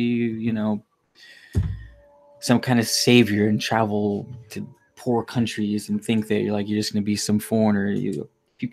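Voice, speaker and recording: A man's voice: lowish voice, gravelly, a little mellow. A man talking casually and candidly to his viewers, rambling and swearing freely. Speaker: vlogger.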